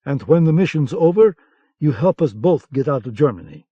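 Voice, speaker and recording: A man's voice: a little high, moderate pace, breathy edge, no echo, pitched above the performer's own voice. Man voicing a firm, self-assured agent. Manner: firm, calm, determined. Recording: dull lo-fi cassette recording.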